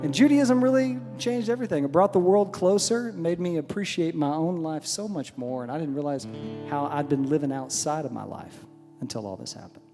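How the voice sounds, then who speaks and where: A man's voice: fairly high pitch, animated, a little fast, mellow. Wry man telling stories on stage. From Texas. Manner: wry, self-deprecating, conversational. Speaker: singer-songwriter performer. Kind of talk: onstage storytelling between songs. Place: large synagogue sanctuary. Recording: hall reverb with faint music.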